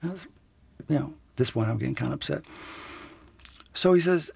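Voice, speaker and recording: A man, a writer being interviewed, telling a personal story in an earnest, reflective way and slowing down to stress his points. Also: fairly high pitch, animated, gravelly, a little mellow, husky, dry recording. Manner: earnest, quotes others in dialogue, slows down to stress points.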